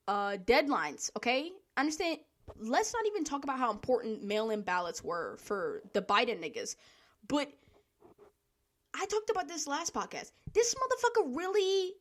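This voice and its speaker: A woman hosting a solo podcast, ranting in a blunt, profane, heated way, with sighs and laughs between her points. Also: on the high side. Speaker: podcast host.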